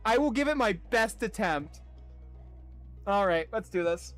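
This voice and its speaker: A man's voice: sits high, expressive, measured pace, fairly bright tone, soft background music. A man streaming a game, chatting casually with his chat, laughing often and now and then reading game dialogue aloud at full speed.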